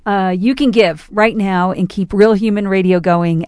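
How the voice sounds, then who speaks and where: A woman's voice: mid-range voice, fairly even intonation, measured pace, darkish tone, no room sound, studio quality. A woman radio DJ making an informal, earnest on-air appeal for donations.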